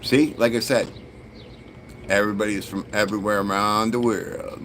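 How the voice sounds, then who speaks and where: A man's voice: fairly low pitch, steady tone, normal speed, fairly bright tone, slight background noise. A man chatting bluntly and profanely while streaming a Lego build. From Canada. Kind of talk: casual live-stream chat.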